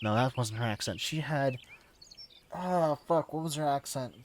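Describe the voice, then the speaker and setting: A man's voice: mid-range voice, normal speed, slight background noise. Man muttering casual game commentary. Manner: quiet, muttering, swears when frustrated. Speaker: gamer narrating his playthrough. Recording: clear background music.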